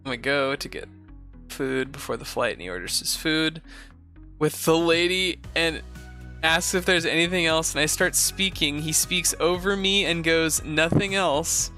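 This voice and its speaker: A young man with a bright, somewhat high voice reads a post aloud and keeps stopping to drop blunt, sarcastic comments. Soft music plays faintly underneath. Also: measured pace. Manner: reads in first person, breaks off for blunt sarcastic asides. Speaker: host reviewing reddit posts.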